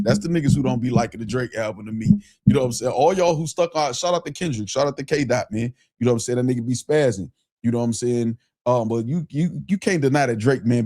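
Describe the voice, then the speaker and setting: A man hosting a casual livestream show, talking loosely in slang and reading shout-outs from the chat. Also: mid-range voice.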